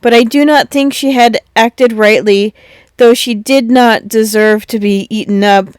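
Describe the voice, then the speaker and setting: A woman reading a children's storybook aloud, gentle and measured. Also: a little high, fairly even intonation, smooth, dry recording, clean studio sound.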